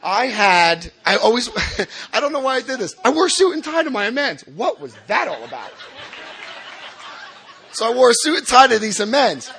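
Man sharing his recovery story, animated, self-mocking, forceful bright voice, restarts. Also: extremely high pitch, normal speed, gravelly. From New Jersey. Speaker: recovering alcoholic speaker. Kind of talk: personal recovery story told to a meeting.

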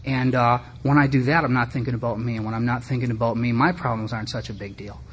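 A man's voice: mid-range voice, steady tone, fast talker, a little hiss or hum. A middle-aged man speaking candidly and self-deprecatingly to a recovery meeting, talking conversationally with frequent asides. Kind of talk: personal recovery talk to a group. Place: meeting room.

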